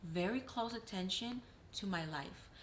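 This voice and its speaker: A woman chatting casually as host, animated, swearing and dropping in Spanish phrases. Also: medium pitch, unhurried, reverberant, heavy background noise. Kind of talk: casual chat.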